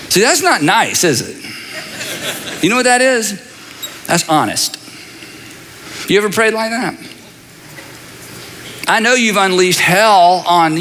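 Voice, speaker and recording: A middle-aged pastor preaches with a high, bright voice that swoops widely as he talks. He keeps it conversational, repeating phrases and tossing in asides. His voice rings out with the long reverb of a large hall. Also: slight background noise. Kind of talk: sermon.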